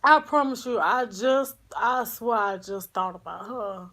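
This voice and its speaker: A woman vlogger talking slowly and softly to her viewers, full of sighs and halting restarts. Her voice is subdued and grieving, and she calls her audience y'all in a loose, casual livestream chat. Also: on the high side. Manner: slow, sighing, halting, speaks to viewers as y'all.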